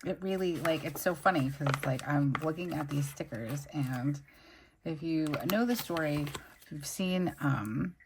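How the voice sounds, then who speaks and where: Low, gravelly-voiced woman chatting while planning. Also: measured pace, noisy background. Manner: gushing, chatty, talks while sticking stickers. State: recovering from a migraine. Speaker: planner channel host. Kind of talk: casual plan-with-me chat.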